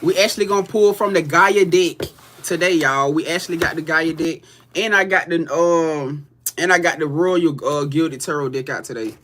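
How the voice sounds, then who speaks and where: A man's voice: on the high side, normal speed, a bit bright, slight background noise. A man chats casually on a livestream tarot reading. He is loose and profane, cursing freely as he talks straight to his viewers.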